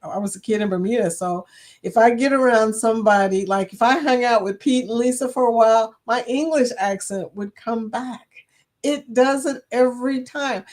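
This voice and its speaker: A woman's voice: fairly high pitch, moderate pace, darkish tone. A woman with a Kentucky accent hosting a casual livestream chat, chatting away, reading viewer comments aloud and laughing often. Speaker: livestream host.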